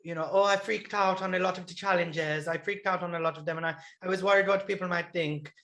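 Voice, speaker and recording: A flustered male contestant fretting about his own performance, as a man impersonates him. The lines tumble out quickly, nervous and self-critical. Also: high-pitched, steady tone, bright, forceful tone. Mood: self-doubting. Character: anxious male contestant doubting himself.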